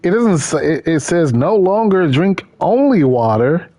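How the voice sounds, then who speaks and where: A man's voice: on the high side, very animated, unhurried, warm tone. A man hosting a gaming stream, chatting casually and rambling, repeating his words as he goes. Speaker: gaming channel host. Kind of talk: casual chat while gaming.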